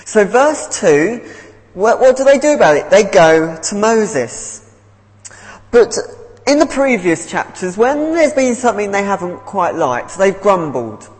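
Slow, lively preacher. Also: male voice, sits high, big-room sound, poor audio. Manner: earnest, repeats words as he goes. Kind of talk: sermon.

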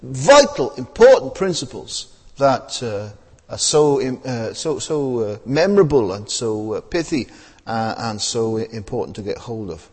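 Guy giving a sermon, lively up-and-down voice, bit husky, big echoey hall. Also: medium pitch, unhurried. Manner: conversational, many tag questions and fillers. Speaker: preacher.

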